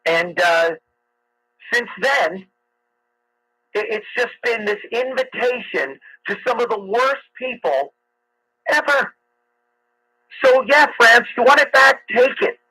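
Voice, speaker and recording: A man's voice: very high voice, slow pace, long pauses, sharp tone, breathy edge, low-quality recording. A man hosting a talk radio show, delivering a sarcastic, ranting monologue with frequent fillers.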